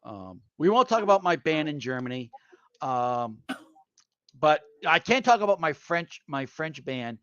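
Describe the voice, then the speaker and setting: A man co-hosting a casual chat, telling animated anecdotes and laughing mid-story. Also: on the high side, unhurried, smooth, dry recording, dull audio. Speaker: podcast co-host.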